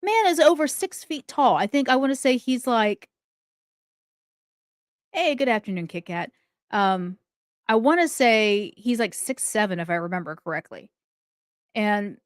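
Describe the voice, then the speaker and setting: A woman's voice: a little high, no echo, studio quality. A woman hosting a true crime commentary, talking it through in a casual, indignant way. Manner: indignant, conversational, talks things through aloud.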